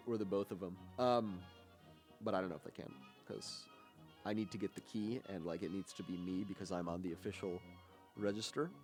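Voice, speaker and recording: Young guy rambling on college radio, lots of ums, lowish voice. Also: darkish tone. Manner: rambling, many fillers and restarts. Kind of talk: casual on-air chat.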